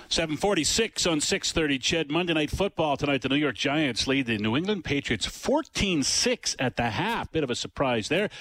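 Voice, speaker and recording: A man's voice: medium pitch, a bit bright, no echo. Casual man hosting sports radio. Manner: casual, with frequent fillers and restarts.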